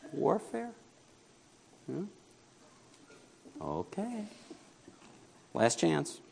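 A man's voice: on the low side, creaky. A man from New York preaching a sermon as pastor, talking conversationally, asking the congregation questions and joking with them.

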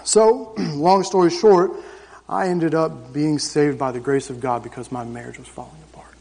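A gravelly, slightly mellow voice on the high side belongs to a man in his thirties sharing his testimony with a church congregation. His intonation is fairly even and his pace moderate, while his storytelling stays emphatic and conversational. It's recorded in a reverberant church hall during a service.

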